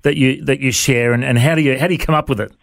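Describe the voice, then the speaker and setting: A man's voice: mid-range voice, steady tone, fast, vocal fry, a bit bright, no room sound, clean studio sound. A man hosting an interview, asking rambling questions with repeated words. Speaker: interviewer host.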